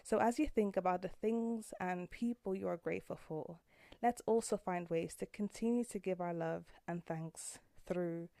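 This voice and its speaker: A woman's voice: fairly low pitch, normal speed, gravelly, warm tone, dry recording. A woman in her thirties hosting a podcast from a room at home, speaking in a heartfelt, earnest way that turns emotional. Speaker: podcast host. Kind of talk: personal podcast monologue.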